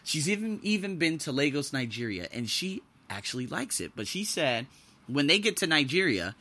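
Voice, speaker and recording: Animated, excitable man telling a story. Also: moderate pace. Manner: animated, swings between loud exclamations and low asides; profane, excitable. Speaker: podcast host. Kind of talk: casual storytelling monologue.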